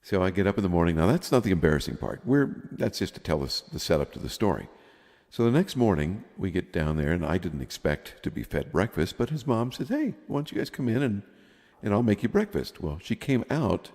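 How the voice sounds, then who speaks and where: Fifties guy, deep voice, swings all over in pitch, chatty storyteller, laughs a lot. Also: a little mellow, big-room sound. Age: 50s. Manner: rambling, laughs often while telling stories. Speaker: podcast co-host. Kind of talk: casual storytelling chat.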